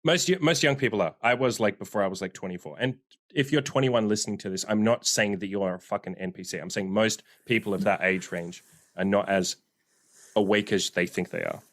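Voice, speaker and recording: A young man with a lowish voice hosts a casual podcast. He talks bluntly and swears freely, slipping into mocking rants as he makes his point. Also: brisk, a bit bright. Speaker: podcast host.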